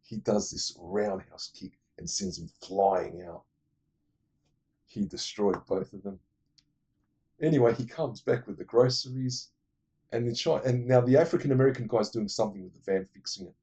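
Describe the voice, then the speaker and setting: A man's voice: on the low side, normal speed, dark tone, breathy edge. A man casually retelling a movie plot for his film-ranking vlog, digressive, blunt and profane. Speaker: movie list vlogger.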